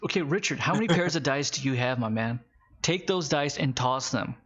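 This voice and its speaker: A man's voice: medium pitch, expressive, a bit bright. Man narrating a game as game master, lo-fi. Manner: wry, teasing, halting narration.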